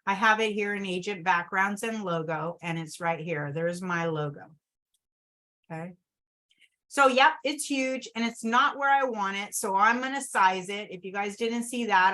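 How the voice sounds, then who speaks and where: A woman at her desktop computer leads a screen-share tutorial, talking at an ordinary middle pitch. She is chatty, calls her viewers "you guys" and checks in with "okay?" as she clicks through each step. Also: unhurried, bright, forceful tone. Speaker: travel agent trainer.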